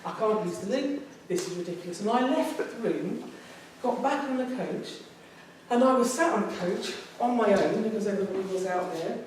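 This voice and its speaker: A woman's voice: medium pitch, expressive, brisk, darkish tone, a little hiss or hum. A woman, telling a personal story in a speech to a public speaking club, emotional and often repeating phrases as she goes. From England. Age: 50s. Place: meeting room. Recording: very echoey room from a distance.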